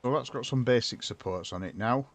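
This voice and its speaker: A man's voice: mid-range voice, fairly quick. A man from chatting casually while he builds in a game, rambling and answering his chat as he goes. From northern England. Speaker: streamer. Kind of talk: casual gameplay commentary.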